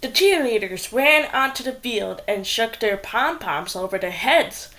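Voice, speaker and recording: A woman reads a children's story aloud at an unhurried pace. Her telling is playful and expressive. Her voice sits a little high. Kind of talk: reading a children's book aloud.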